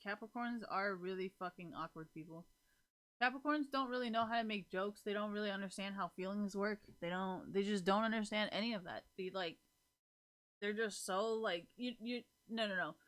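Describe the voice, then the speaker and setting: In casual chat with her stream viewers, a woman rambles through her thoughts, laughing often, swearing casually, and using many fillers. She speaks at normal speed in a mid-range, slightly bright voice.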